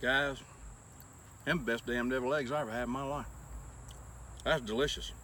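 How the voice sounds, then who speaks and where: Bright-voiced man, crude folksy humor. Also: medium pitch, steady tone, moderate pace, slight background noise. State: out of breath. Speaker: taste tester on a cooking channel. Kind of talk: casual folksy taste-test chat.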